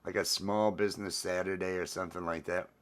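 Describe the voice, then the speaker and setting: A man's voice: low-pitched, fairly even intonation, a little fast. A man hosting a casual livestream chat, talking in a laid-back, rambling way, repeating his phrases and greeting viewers by name. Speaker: livestream host.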